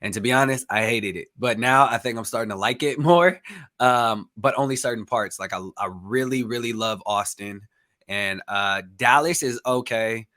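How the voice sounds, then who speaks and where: A man's voice: mid-range voice, moderate pace, sharp tone. A young man hosting a podcast, chatting casually with a guest and rambling with lots of fillers. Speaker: podcast host. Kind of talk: casual interview chat.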